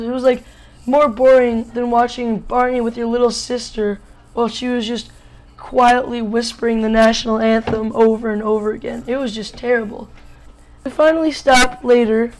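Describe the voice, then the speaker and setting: A boy in his early teens from Wisconsin tells a storytime vlog in a slightly hoarse voice. He jokes and rambles, filling his talk with "like.". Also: extremely high pitch, a little mellow, low-quality recording. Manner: jokey, rambling, lots of "like" fillers. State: a little hoarse. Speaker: vlogger.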